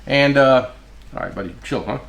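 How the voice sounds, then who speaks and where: A man's voice: mid-range voice, moderate pace, gravelly, roomy sound. A man who works as a tool dealer, telling stories in a casual chat and acting out the voices of the people he quotes. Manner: animated, acts out quoted voices, swears.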